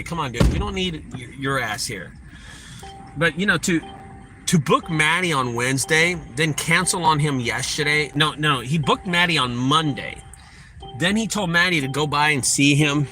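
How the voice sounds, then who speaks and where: A man's voice: fairly high pitch, moderate pace, bright, forceful tone, soft background music. Profane middle-aged man ranting. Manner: profane, heated storytelling. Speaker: junk removal business owner. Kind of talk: casual vlog rant.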